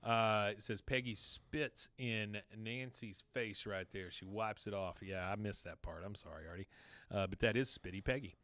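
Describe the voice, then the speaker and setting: A man co-hosting a podcast, casually retelling a cartoon episode and acting out its lines in quick bursts. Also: lowish voice, fairly bright tone, no room sound. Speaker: podcast co-host recapping an episode. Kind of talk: casual chat, retelling scenes.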